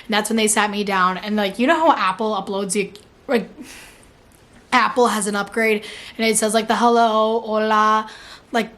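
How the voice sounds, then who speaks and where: With a medium, slightly bright voice, fairly even intonation and a moderate pace, a young adult woman chats casually on her vlog as she answers viewer questions. She fills her speech with frequent "like" and breaks into laughter at herself mid-sentence.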